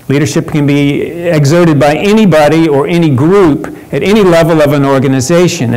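A man leads a conference workshop session. His voice sits fairly high for a man. He talks conversationally, often restarting phrases and filling pauses with "uh" and "um". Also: a little mellow, low-quality recording. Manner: conversational, with frequent fillers and restarts. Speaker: conference presenter.

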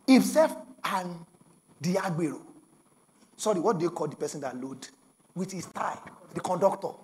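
Animated Nigerian pastor, high lively voice. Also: male voice, normal speed. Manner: animated storytelling, bursts of shouting and laughter. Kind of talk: sermon.

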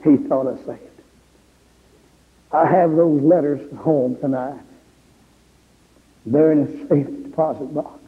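A male preacher telling a story in a sermon, his voice rising into crying shouts at emotional peaks. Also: fairly high pitch, steady tone, slow, pauses often, slightly rough. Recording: tinny phone-like audio in a reverberant hall.

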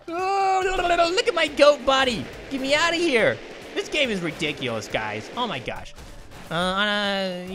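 A woman giving excitable, giggly let's play commentary, often apologizing to game characters. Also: on the high side. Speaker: gaming channel host.

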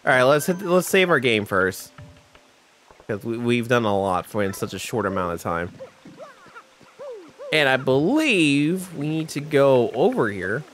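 A man hosting a let's play, giving rambling, self-deprecating commentary with quick mumbled asides. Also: mid-range voice, very animated, fairly bright tone. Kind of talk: casual gameplay commentary.

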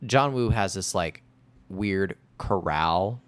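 A man's voice: low voice, slow pace. A man hosting a casual movie podcast, joking around, swearing freely and laughing. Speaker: podcast host. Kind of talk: casual movie-discussion chat.

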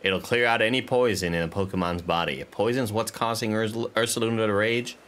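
A man reading a gentle, fussing clan elder's dialogue aloud in a soft, coddling way. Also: lowish voice, steady tone, fairly quick, slight background noise, natural voice. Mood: soothing. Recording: game music playing under voice.

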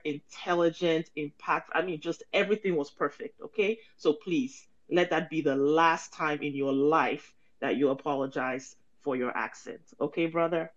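Emphatic woman on dull lo-fi audio. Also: sits low. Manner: emphatic, repetitive, encouraging. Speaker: participant. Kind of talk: casual live audio chat.

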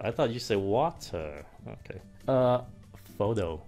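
Very low-voiced Vietnamese woman teacher. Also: lively intonation, warm tone, soft background music. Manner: curious, questioning, quick surprised reactions. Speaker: host, English teacher. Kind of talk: casual pronunciation lesson.

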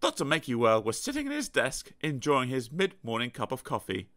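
A man reading a children's storybook aloud in a lively, playful way, with sound effects. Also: medium pitch, a little fast. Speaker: audiobook narrator.

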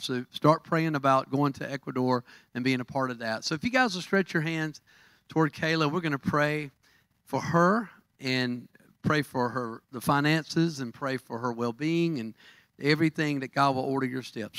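A man's voice: a little high, fairly bright tone, dry recording. A middle-aged man with a Southern American accent, leading a church service, telling a story and praying, with many fillers and restarts. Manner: rambling, halting with many fillers. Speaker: pastor. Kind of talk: church service announcements and prayer.

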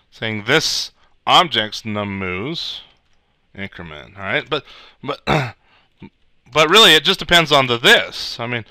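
A man giving a casual screencast coding lesson, thinking aloud as he types, with frequent restarts and throat clearing. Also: mid-range voice, bright, forceful tone, no echo. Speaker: programming instructor.

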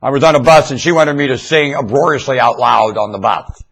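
Husky-voiced man rambling into a webcam. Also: mid-range voice, fairly quick, a bit bright. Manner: rambling, repeats himself, stammers on I. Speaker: webcam vlogger. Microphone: webcam mic.

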